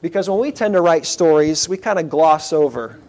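A man's voice: on the high side, animated, moderate pace, a little mellow. A man preaching a sermon in an earnest, conversational way, with asides to the congregation. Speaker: pastor.

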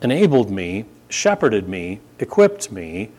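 A man's voice: lowish voice, very animated, slow pace, a little mellow. A man preaching a sermon as pastor, reading scripture and exhorting the congregation.

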